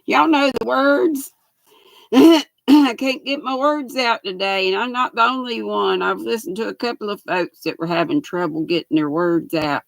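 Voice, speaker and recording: An older Southern woman with a bright, high voice and a gravelly edge, talking slow and easy as she hosts a livestream. She greets each of her viewers by name in a chatty, folksy way. The sound is close and dry. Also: dry recording, rough recording. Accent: Southern American. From Southern United States. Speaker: livestream host. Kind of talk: casual chat with viewers.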